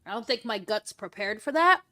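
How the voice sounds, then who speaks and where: A woman's voice: a little high, lively intonation, fairly quick, pushed and bright. A woman hosting a casual stream chat, talking in a rambling way with lots of "like" and "um". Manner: chatty, rambling, heavy use of "like" and "um". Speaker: streamer host.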